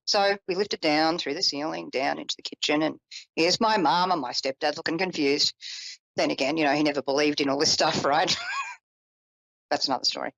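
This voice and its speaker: A woman psychic telling a personal story in a chatty, animated way, with self-deprecating asides. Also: deep voice, normal speed, vocal fry, no room sound, poor audio. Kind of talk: personal storytelling on a live call-in show.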